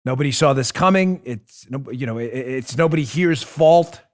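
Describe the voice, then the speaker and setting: A man hosting a political talk show, delivering an emphatic monologue straight to his listeners, dropping low and quiet and then building up loud. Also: moderate pace. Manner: emphatic, swings between hushed and raised; addresses listeners directly.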